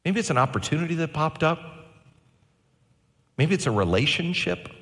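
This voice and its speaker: A pastor in his forties delivering a sermon with animated, varied delivery and slow, emphatic phrases. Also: fairly high pitch, long reverb tail.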